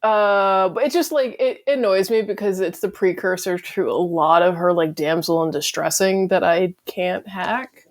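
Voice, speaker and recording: A woman's voice: fairly low pitch, moderate pace. A woman co-hosting a casual podcast chat, with a wry, opinionated way of talking. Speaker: podcast co-host.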